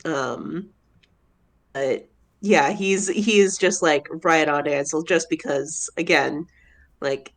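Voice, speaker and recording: A woman's voice: low voice, slow. A woman player describing her character's actions in a hesitant, amused way, with many fillers.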